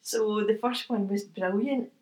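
A woman's voice: medium pitch, a little slow. Scottish lady, middle-aged, chatty storyteller, does little voices for people, laughs a lot. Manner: chatty, animated anecdotes with quoted voices and laughter. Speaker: guest, medium. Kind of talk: casual interview storytelling.

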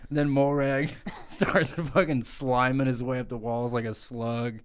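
Dude on a podcast making up a crude story, giggling a lot, average pitch voice. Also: male voice, steady tone, measured pace, smooth. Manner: profane, giggly riffing. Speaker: podcast co-host. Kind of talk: improvised comedic storytelling.

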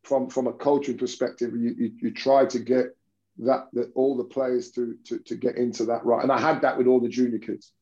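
A man's voice: mid-range voice, flat delivery, moderate pace, warm tone, dull audio. A man, a basketball coach telling stories in an interview, rambling with many restarts. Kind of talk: conversational interview storytelling.

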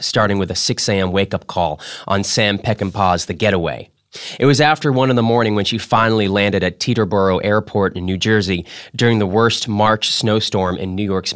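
A man hosting a podcast, reading a memoir aloud with dramatic delivery that drops to a hush. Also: on the low side, no room sound, clean studio sound. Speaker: podcast host.

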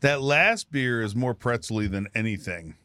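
A man's voice: mid-range voice, animated, moderate pace, sharp tone, clear, resonant tone, no echo. A man co-hosting a casual beer-tasting chat, joking and enthusiastic. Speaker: podcast co-host.

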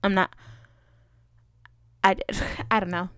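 With a flat, slow delivery in a mid-range, slightly bright voice, a woman hosts a casual solo podcast. She rambles, jokes about herself, and uses a lot of fillers. It's studio quality with no echo.

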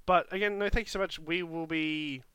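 Upbeat podcast host, bright voice. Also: male voice, a little high, fairly even intonation, normal speed, smooth, dry recording. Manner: upbeat, laughs easily. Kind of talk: casual podcast chat.

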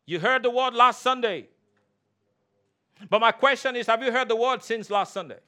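A pastor preaching with a high, bright, forceful voice. He drives his points home by repeating key lines and slowing down on them. He calls out for the congregation to answer him. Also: clean tone. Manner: emphatic preaching with call-and-response; repeats key phrases, slows for emphasis. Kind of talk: sermon.

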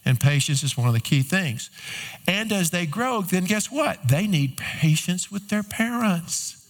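A man's voice: sits high, lively intonation, unhurried. A middle-aged man preaching a sermon, talking conversationally and lifting his voice on emphatic questions. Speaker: pastor.

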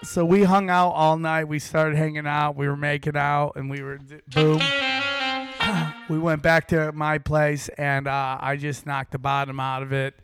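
A man's voice: on the high side, level tone, measured pace. A man, a comedian guest, telling a brash, boastful story in a podcast chat while saxophone plays underneath. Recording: saxophone music playing behind.

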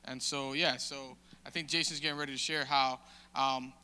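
A man giving a casual, halting testimony in a sermon, with many restarts and fillers. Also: mid-range voice, steady tone, sharp tone, clear, resonant tone. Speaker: church member sharing testimony. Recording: long hall reverb.

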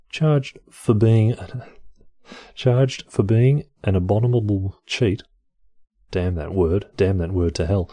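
Male host reading articles aloud with wry offhand jokes; deep, dark voice recorded dry and close. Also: no room sound. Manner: dry, wry, mildly profane commentary. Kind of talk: casual reading with offhand comedic asides.

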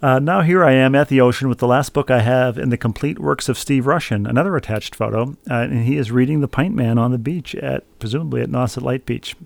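A man's voice: mid-range voice, brisk, gravelly, few pauses, no echo. A middle-aged man co-hosting a sports podcast, wryly reading listener mail with a meandering, filler-heavy delivery. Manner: wry, meandering, with many fillers. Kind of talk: casual sports chat.

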